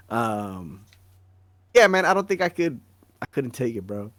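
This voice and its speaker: A man co-hosting a podcast, telling a story in casual chat, slangy and animated, with "bro" and "dog" peppering his talk. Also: mid-range voice, measured pace, pauses often, no echo. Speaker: podcast co-host.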